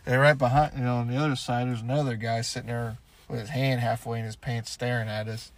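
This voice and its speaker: A man's voice: mid-range voice, flat delivery, fast, background noise. A man co-hosting a podcast, chatting casually and telling loose, profane stories, with now and then a goofy voice. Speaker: podcast co-host. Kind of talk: casual chat.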